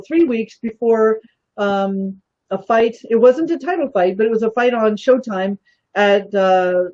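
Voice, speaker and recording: A woman's voice: a little high, a little mellow, lo-fi sound. A woman guest telling a story in casual talk, animatedly acting out the voices of the people she quotes.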